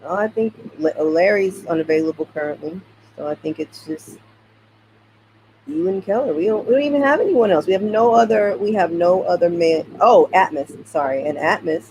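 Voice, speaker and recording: Gravelly man thinking aloud. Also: high-pitched, moderate pace, a little mellow, slight background noise, rough recording. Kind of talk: casual live-stream chat.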